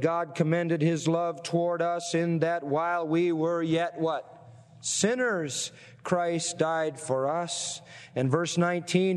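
High-voiced preaching man in a reverberant hall. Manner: preaching with rhetorical questions and scripture reading. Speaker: pastor. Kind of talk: sermon.

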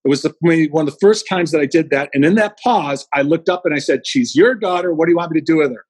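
A middle-aged man tells stories in an interview, acting out each quote as he goes. His voice is a touch high and husky. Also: fast, no echo, poor audio. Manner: animated anecdotes with acted-out quotes. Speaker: guest speaker. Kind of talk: storytelling in an interview.

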